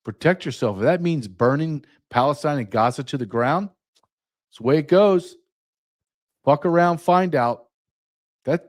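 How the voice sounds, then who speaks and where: A man's voice: on the high side, a little mellow. A man hosting his own podcast, delivering a combative, sarcastic political rant. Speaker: podcast host.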